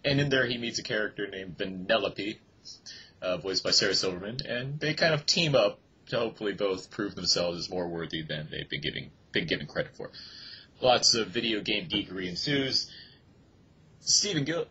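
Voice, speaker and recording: Bright-toned raspy male podcast host. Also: lowish voice, lively intonation, normal speed, muffled recording. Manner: rambling, self-correcting summary. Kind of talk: casual film review chat.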